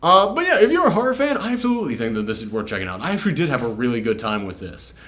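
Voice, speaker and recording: Animated man reviewing a film casually. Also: mid-range voice, rapid-fire. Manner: animated, swears, many fillers. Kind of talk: casual spoiler review chat.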